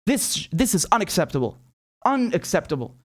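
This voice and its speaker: A man with a fairly high voice delivers angry political commentary. He swears freely and hammers his points with repeated words. He often throws out mocking rhetorical questions. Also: sing-song, normal speed. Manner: heated, profane, emphatic with many repeated words.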